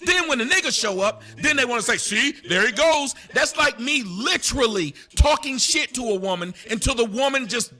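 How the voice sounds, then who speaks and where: A man in a heated live-stream argument, mocking, profane and shouting in bursts. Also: very high voice, lively intonation, brisk, few pauses. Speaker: debate guest.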